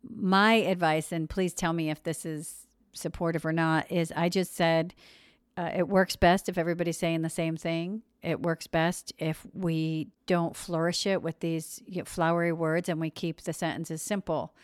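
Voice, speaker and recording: A woman's voice: deep voice, flat delivery, normal speed, smooth, no echo, clean studio sound. A woman hosting a podcast and speaking as a parent, asking earnest questions and often searching for her words. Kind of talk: podcast interview.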